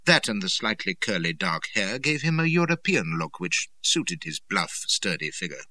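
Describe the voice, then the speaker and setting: Expressive male audiobook narrator. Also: deep voice, normal speed. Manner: expressive, dramatic storytelling. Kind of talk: scripted first-person narration.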